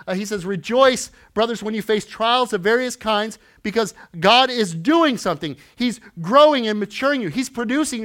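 A pastor in his forties preaching a conversational sermon, dropping to quiet asides and rising to loud emphatic lines, often adding "right?". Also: high-pitched. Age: 40s.

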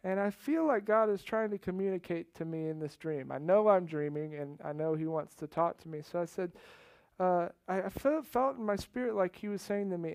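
A man preaching as a pastor, telling a personal story with earnest feeling that swings between hushed and loud. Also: high-pitched, moderate pace, creaky, no echo. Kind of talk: sermon.

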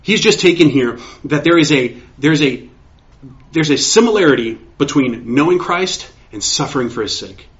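A man preaching a sermon in an excitable way, often restarting and repeating words as he works through a passage. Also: on the high side, normal speed. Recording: dull lo-fi recording.

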